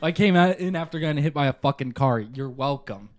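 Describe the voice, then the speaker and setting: A young man co-hosting a podcast, telling stories in an animated way, swearing and laughing often. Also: on the high side, fairly quick, a crowd in the background. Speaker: podcast co-host. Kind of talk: casual chat.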